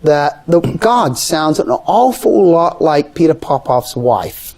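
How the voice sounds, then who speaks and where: A man telling a story in casual conversation, animated and acting out the people he quotes. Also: slow pace, faint music behind. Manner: animated, acts out quoted voices with pitch jumps. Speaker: guest storyteller.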